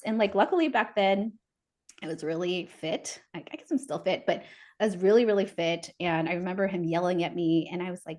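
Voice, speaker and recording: Woman, forties, podcast guest, casual storytelling, animated, laughs a lot. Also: lowish voice, brisk. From United States. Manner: animated, laughs often, acts out quoted voices.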